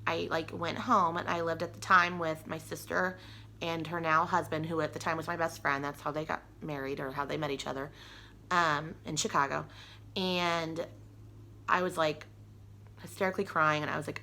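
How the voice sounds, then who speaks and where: A woman's voice: low-pitched, pushed and bright, slight background noise. A young woman telling a personal story to camera in a chatty, rambling way, full of "like" and restarts. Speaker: vlogger.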